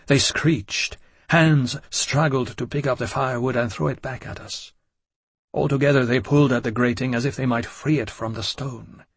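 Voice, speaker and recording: An audiobook narrator reads a gothic novel in the first person, measured and dramatic. His voice is husky and of ordinary pitch, recorded close and dry with no room echo.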